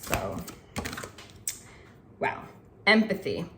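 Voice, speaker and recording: A woman reads tarot cards to her viewers in an earnest, chatty way, repeating the card meanings and often saying "like" and "okay". Her deep voice is sing-song and slow, with vocal fry, long pauses and a fairly bright tone. A little hiss or hum is present.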